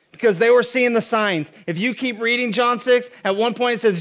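Pastor, male, very high voice, chatty sermon with wry asides. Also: moderate pace, fairly bright tone. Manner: casual, joking asides.

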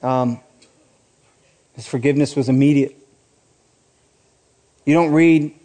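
A man's voice: medium pitch, steady tone, slow pace, pauses often, dark tone. A man in his forties, a pastor preaching a sermon with passion, building to emphatic peaks and breaking off into playful asides.

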